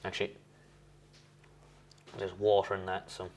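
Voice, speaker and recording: A man's voice: low-pitched, completely flat delivery, measured pace, a little hiss or hum. A young man chatting casually at home as he tastes and rates beers, rambling and correcting himself. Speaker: host reviewing beers. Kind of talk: casual beer-tasting vlog.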